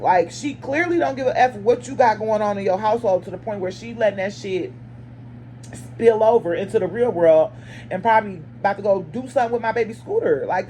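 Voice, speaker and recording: A woman, a mother, telling a personal story to her viewers in casual chat. She is blunt and lively, and she acts out each side of the dialogue with sudden jumps in pitch. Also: slight background noise. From lives in Arizona. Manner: blunt and chatty, talks straight to viewers.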